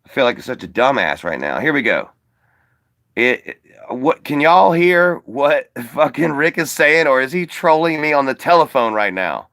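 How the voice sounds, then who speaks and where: Bright-voiced joking livestream host. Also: male voice, mid-range voice, sing-song, normal speed. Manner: blunt, joking, swears freely. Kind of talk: casual profane livestream chat.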